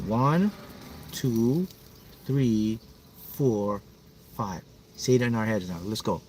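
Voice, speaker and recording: This manifesting coach's livestream features a fairly low, darkish voice with lively intonation and a slow pace, plus some light hiss or hum. He is emphatic and repetitive, working to energize his viewers.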